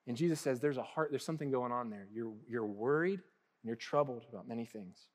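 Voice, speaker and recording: A man in his thirties preaching in an easygoing, conversational way at a medium pitch. He jumps into quick acted-out voices and then drops to a soft, gentle hush. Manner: casual and animated, acting out little voices, with laughs and soft hushed asides. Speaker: pastor. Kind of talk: conversational sermon.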